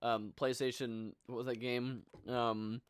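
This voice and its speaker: A man's voice: medium pitch, flat delivery, measured pace, clear, resonant tone, dry recording, studio quality. A man co-hosting a casual gaming podcast, teasing the others and filling his talk with "like". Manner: teasing, many fillers like "like". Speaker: podcast co-host.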